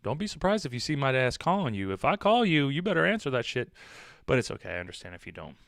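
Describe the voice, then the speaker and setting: Man, high voice, bright tone, casual stream chat, rambling, profane, teasing, dry close mic. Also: sing-song, fast talker, no room sound. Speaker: streamer chatting with viewers.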